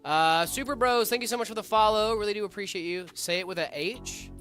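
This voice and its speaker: A man with a bright, forceful voice co-hosts a casual livestream. He jokes around and reads out follows and viewer questions. Faint music plays behind him. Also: sits high, a little fast. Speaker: stream co-host.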